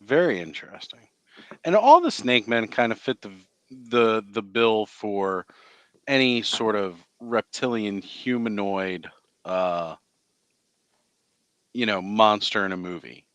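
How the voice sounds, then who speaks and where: A man's voice: lowish voice, lively intonation, slow pace, fairly bright tone, dry recording. A man co-hosting a casual podcast chat, talking in a loose, rambling way with many fillers. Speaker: podcast co-host.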